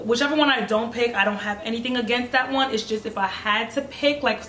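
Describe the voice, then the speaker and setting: Twenties woman guest from Brooklyn, higher voice, blunt and lively, echoey room. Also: brisk, far from the mic. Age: 20s. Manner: animated, blunt and profane, laughing often. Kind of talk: casual chat.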